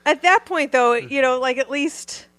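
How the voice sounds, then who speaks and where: A woman's voice: high-pitched, a little slow, a bit bright, no echo. A woman co-hosting a podcast, trading profane, teasing banter and scolding her co-host while laughing. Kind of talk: casual crude banter.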